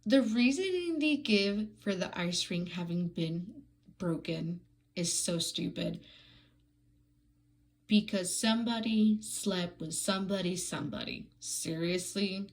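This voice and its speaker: A woman's voice: lowish voice, expressive, slow pace, a little hiss or hum, low-quality recording. A woman giving a casual, sarcastic book review, ranting in an exasperated way with frequent "like" fillers and restarts.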